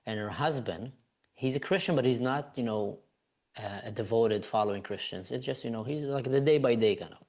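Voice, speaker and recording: A man's voice: medium pitch, brisk, a little mellow. A man from Israel, a podcast guest, earnestly recounting events with frequent "you know" fillers.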